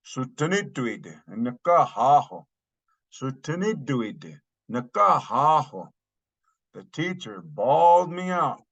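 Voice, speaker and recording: A man's voice: medium pitch, fairly bright tone. A man teaching a language lesson, saying each phrase twice and then translating it. He speaks with a Northern Paiute accent. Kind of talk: slow recorded language lesson.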